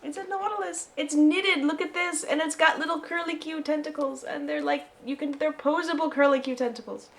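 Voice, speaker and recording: Woman, chatty and rambling, excitable, a little high-pitched, casual film talk. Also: fairly quick, hardly any pauses. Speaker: co-host of a film review show. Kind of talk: casual chat.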